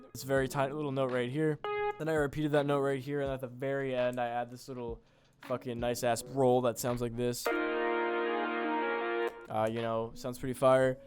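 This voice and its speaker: A young man casually walking through how he made a beat, laid-back and rambling, with offhand swearing. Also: mid-range voice. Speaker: beat producer. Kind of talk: casual screen-recorded tutorial.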